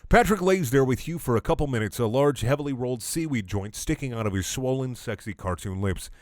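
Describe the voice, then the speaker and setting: A man's voice: mid-range voice, animated, a little fast, darkish tone, dry recording, studio quality. A young man doing a comedic dramatic reading of fan fiction, breaking off into exasperated, sarcastic, sweary rants. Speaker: online comedy reader.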